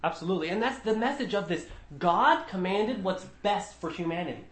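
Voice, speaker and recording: Man leading a Bible study, slightly high voice, earnest and emphatic, roomy echo. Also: expressive, moderate pace, few pauses. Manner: earnest, emphatic, with frequent restarts.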